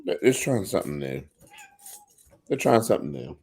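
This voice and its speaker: A man's voice: deep voice, big pitch swings, moderate pace, vocal fry, darkish tone, husky. A man co-hosting a casual wrestling chat, hesitant and prone to repeating himself. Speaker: co-host.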